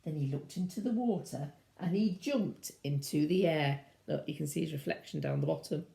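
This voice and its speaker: A woman's voice: deep voice, normal speed, gravelly, warm tone. A woman reading a children's storybook aloud at home with chatty asides to her young listeners, as a teacher would. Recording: roomy echo.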